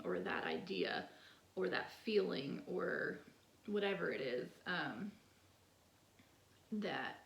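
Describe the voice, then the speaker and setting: A woman talks over poems at an unhurried pace, her voice sitting in the middle pitch range with a rough, fry-tinged texture. She chats casually, leaning on "like" as filler. The sound carries a noticeable echo from the room around her. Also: very animated. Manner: chatty, many "like" fillers, soft laughs. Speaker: poetry channel host. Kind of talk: casual poetry discussion.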